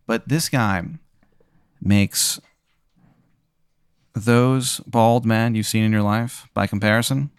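A man hosting a comedy podcast, telling a profane hypothetical in a deadpan way, often dropping to a low murmur. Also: slow, pauses often, clear, resonant tone, dry recording, studio quality. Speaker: podcast host posing a hypothetical. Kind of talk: casual comedic storytelling.

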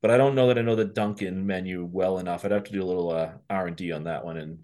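A man's voice: low voice, fairly even intonation, fast talker, a little mellow. A man with a Boston accent, a podcast guest giving candid, rambling answers in casual chat.

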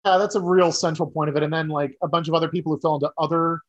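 A man's voice: a little high, fairly even intonation, fast, lo-fi sound. A man co-hosting a podcast in casual chat, rambling and wry, often interrupting himself. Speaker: podcast co-host.

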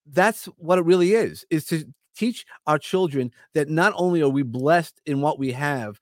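A man's voice: high voice, no room sound, studio quality. A middle-aged man with a New York accent, talking as a guest in an earnest, motivational, rambling way. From Long Island, New York. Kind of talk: casual chat.

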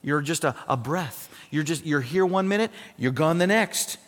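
Male pastor from South Dakota, high voice, emphatic preaching that drops to a hush, long hall reverb. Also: animated, normal speed. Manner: emphatic, swings from loud to hushed. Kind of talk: sermon.

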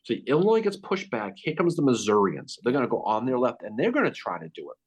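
A man hosting a podcast, telling a Civil War battle story in a casual, animated way. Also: mid-range voice, fast, slightly rough. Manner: animated, acts out quotes. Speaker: podcast host.

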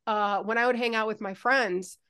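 A woman co-hosting a podcast, talking candidly in casual chat and telling stories with lively energy and some swearing. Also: on the high side, normal speed, clean tone. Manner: candid, swears freely, animated storytelling. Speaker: podcast co-host.

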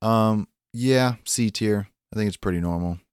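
A man's voice: on the low side, unhurried, clear, resonant tone, no echo, clean studio sound. A young man co-hosting a film podcast, chatting in a laid-back way, saying "dude" and trailing off. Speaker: podcast co-host. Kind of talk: casual chat.

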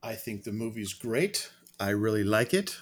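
A man's voice: on the low side, sing-song, normal speed. A man co-hosting a casual podcast chat, easygoing and teasing. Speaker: podcast co-host.

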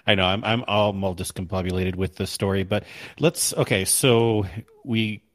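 Low-voiced man in rambling gaming chat. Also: steady tone, moderate pace, dry recording. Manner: rambling, self-correcting, laughs at himself. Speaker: podcast co-host.

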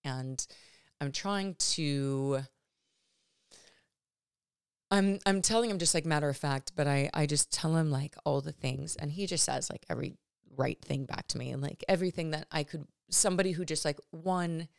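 A woman with a low, slightly gravelly voice talks through a personal story as a podcast host. She rambles candidly, correcting herself and filling pauses as she goes. The sound is dry and close. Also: dry recording. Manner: rambling and candid, many fillers and self-corrections.

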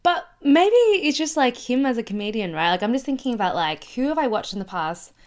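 A woman's voice: fairly high pitch, sing-song, fairly quick. A woman co-hosting a casual podcast discussion, reasoning through her view with frequent "you know" and "like". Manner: reflective, filler-heavy with many "you know" and "like". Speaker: podcast co-host.

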